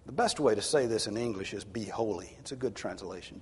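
A male pastor preaching a sermon, swinging from hushed tones to loud, emphatic exhortation. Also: on the low side, a little fast, hardly any pauses, husky. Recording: long hall reverb.

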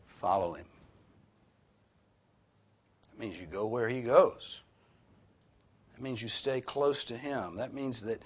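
A man's voice: medium pitch, unhurried, long pauses, breathy edge. A man preaching a sermon as pastor, earnest and rising sharply for emphasis on key points.

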